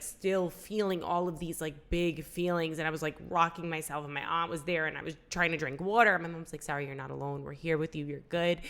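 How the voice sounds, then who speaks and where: A young woman with a fairly low, fairly bright voice co-hosts a casual podcast chat. She tells an emotional personal story, acting out quoted dialogue with plenty of "like"s.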